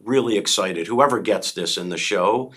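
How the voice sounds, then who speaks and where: Low bright-voiced gallery owner. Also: male voice, moderate pace, husky. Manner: explanatory, storytelling. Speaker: art gallery owner, guest. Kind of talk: casual interview chat. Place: TV studio.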